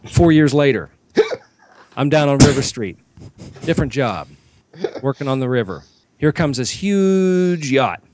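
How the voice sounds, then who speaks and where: Over a noisy background, a man tells long, wandering stories as a podcast co-host, loudly performing the voices of those he quotes. He has a mid-range, expressive voice, a measured pace and frequent pauses.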